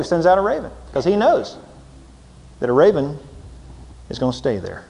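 A man preaching a folksy sermon, swinging from loud emphatic lines to low intense asides. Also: sing-song, moderate pace, vocal fry, pauses often, dull audio, some chatter behind. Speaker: pastor. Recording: long hall reverb.

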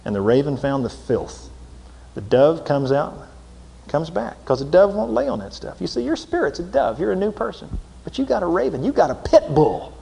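A man preaching a folksy sermon, swinging from loud emphatic lines to low intense asides. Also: big pitch swings, moderate pace, creaky. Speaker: pastor. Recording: long hall reverb.

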